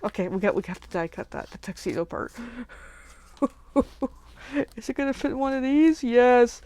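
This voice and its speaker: A woman crafter chatting casually while making cards, gushing with excitement and slipping into whispers over cute things. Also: a little high, brisk, pauses often. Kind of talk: casual crafting livestream chat.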